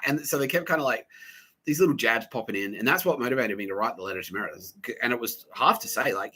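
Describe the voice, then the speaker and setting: Aussie guy in his 30s ranting on his podcast, swears a lot, slips into loud silly voices for other people, bright sharp tone. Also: mid-range voice, fast, husky, low-quality recording. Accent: Australian. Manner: rambling, profane, animated quoted voices. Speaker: podcast host. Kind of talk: casual storytelling monologue.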